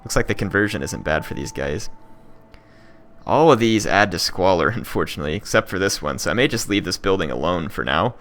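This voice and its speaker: Low-voiced man thinking aloud over a strategy game. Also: expressive, fairly quick, fairly bright tone. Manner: thinking aloud, many fillers and restarts. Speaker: gaming channel host. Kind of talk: casual let's-play commentary.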